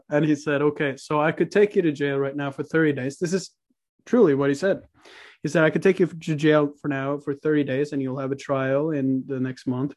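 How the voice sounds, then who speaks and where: Young man telling a story. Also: fairly high pitch. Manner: laid-back, profane, often laughing. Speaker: podcast guest. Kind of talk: casual storytelling.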